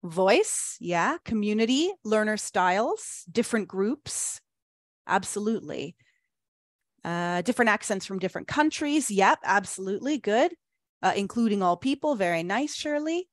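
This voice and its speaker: Woman presenting an online teacher-training webinar, upbeat and encouraging, mid-pitched, dry close computer mic. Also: animated, no room sound. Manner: upbeat, encouraging, reads chat aloud with quick praise.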